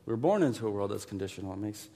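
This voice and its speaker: A man preaching a sermon as pastor, emphatic and repetitive, dropping to a hush and then rising loud. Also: fairly low pitch, expressive, rapid-fire. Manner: emphatic, repeats words, swings from hushed to loud.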